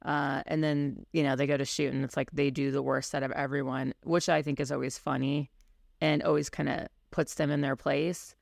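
A woman with a heavily gravelly, fry-laden voice talks bluntly in a relaxed podcast chat. The sound is close and dry, with no room around it, and she peppers her points with casual fillers. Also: a bass voice, normal speed, no room sound. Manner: candid and blunt, many fillers like "you know". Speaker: podcast co-host and firearms instructor.

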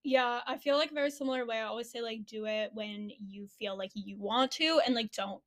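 A woman's voice: a little high, brisk. A young woman hosting a podcast in casual chat, chatty and laughing along with her guest. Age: young adult. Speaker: podcast host.

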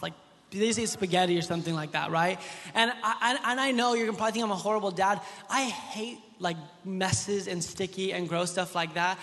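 Man preaching, high voice, surges loud then hushes, casual storytelling, long hall reverb. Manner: impassioned preaching, rises loud then drops soft. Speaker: pastor. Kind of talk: sermon. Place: church hall.

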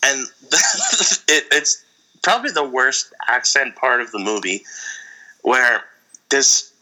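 Bright-voiced man telling a rambling story. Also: mid-range voice, slow pace, rough recording. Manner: rambling, animated storytelling with laughs. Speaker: podcast co-host. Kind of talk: casual chat.

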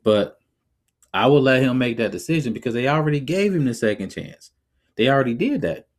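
A man in the middle pitch range talks through his opinions as a podcast host. His delivery is casual and animated. He laughs easily and drifts into acting out little quotes. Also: brisk. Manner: conversational, reflective.

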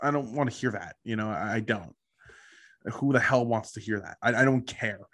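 A man's voice: lowish voice, normal speed, fairly bright tone. A man co-hosting a sports podcast, talking bluntly and laid-back, saying he is tired. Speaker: podcast co-host. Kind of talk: casual sports chat.

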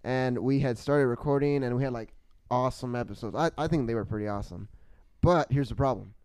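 A man's voice: medium pitch, fairly quick, darkish tone, clear, resonant tone, dry recording. A young man guesting on a podcast, chatting casually and playfully, often hamming it up. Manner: joking, playfully over-dramatic. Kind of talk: casual chat.

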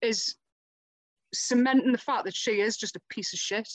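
A woman with a high voice talks bluntly on a podcast, swearing and laughing often. The sound is close and dry, with no room echo at all. She speaks plainly, in her own natural voice. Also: moderate pace. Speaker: podcast participant. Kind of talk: casual chat.

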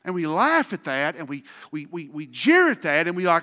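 A man preaching a sermon as pastor, swinging from shouted outbursts to quiet, low asides. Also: very animated, moderate pace, few pauses, in a large hall.

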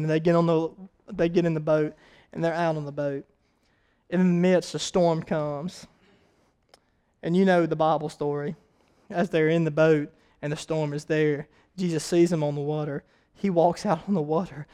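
A man preaching a sermon, retelling a story with dramatic swings between shouting and hushed, quiet passages. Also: very high-pitched, normal speed.

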